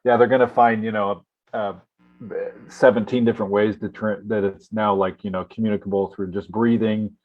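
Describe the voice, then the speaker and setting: A man co-hosting a political talk show, speaking casually with a hesitant delivery full of pauses and restarts. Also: lowish voice, level tone, narrow, tinny audio. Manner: hesitant, many fillers and restarts.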